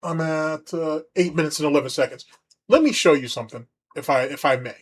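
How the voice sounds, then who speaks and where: A man's voice: fairly high pitch, brisk, husky. A man hosting a livestream, rambling and mocking as he comments on a video. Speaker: streamer host.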